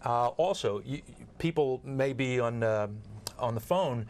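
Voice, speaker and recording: A man's voice: medium pitch, unhurried, a little mellow. Earnest man explaining on a talk show. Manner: earnest, explaining with examples, frequent word repeats. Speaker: guest expert on nurse communication training.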